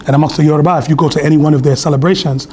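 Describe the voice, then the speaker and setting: High-voiced man giving a sermon. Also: steady tone, racing, mellow, a little hiss or hum. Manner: loose, storytelling, many fillers and asides. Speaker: speaker at a temple meeting. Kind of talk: conversational sermon. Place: temple hall.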